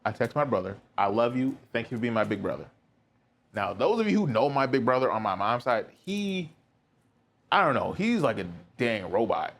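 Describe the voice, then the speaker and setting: A man's voice: medium pitch, big pitch swings, normal speed, creaky. A young man hosting a podcast, telling a personal story in a candid, rambling way with lots of filler words. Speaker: podcast host.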